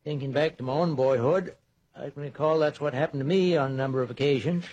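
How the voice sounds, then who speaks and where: A man's voice: on the high side, fast talker, a little mellow, a little hiss or hum, lightly acted. A man playing a folksy older small-town man in a 1940s radio drama, with an easygoing drawl. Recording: dull old radio transcription.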